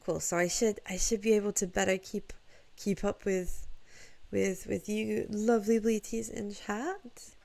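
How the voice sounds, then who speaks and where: A woman's voice: medium pitch, flat delivery, measured pace, creaky, dark tone. A sleepy, groggy woman streaming a game from home, chatting playfully with viewers in a self-mocking way. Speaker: VTuber streamer. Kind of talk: casual live-stream chat while gaming.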